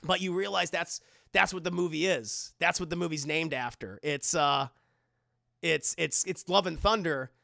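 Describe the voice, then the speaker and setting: A young adult man reviewing a film for a live stream chat, animated and rambling, swearing often. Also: fairly high pitch, normal speed, creaky, no room sound, clean studio sound.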